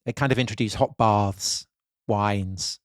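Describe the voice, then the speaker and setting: A British man co-hosting a history podcast, explaining ideas in a thoughtful, measured way. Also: on the low side, fairly even intonation, no room sound. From Britain. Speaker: podcast co-host. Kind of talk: casual history podcast chat.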